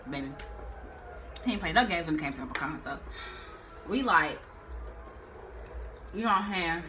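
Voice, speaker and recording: A young woman telling a story in a storytime vlog, animated and slangy, with drawn-out phrasing. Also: on the low side, a little hiss or hum. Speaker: vlogger.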